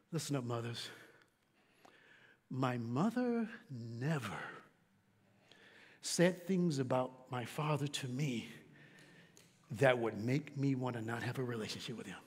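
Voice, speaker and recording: A middle-aged man preaching a sermon as a pastor, swinging from shouted peaks to quiet, low asides. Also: breathy edge. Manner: animated preaching, rising to shouts then dropping low. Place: church sanctuary. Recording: long reverb of a church hall.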